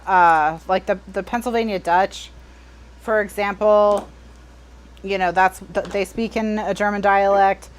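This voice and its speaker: An American woman chats casually on her live crafting show. She speaks slowly at a mid pitch, musing aloud, wry and exasperated, often trailing off and starting over. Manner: chatty and exasperated, trailing off and restarting. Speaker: host of a live crafting stream. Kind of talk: casual chat while crafting.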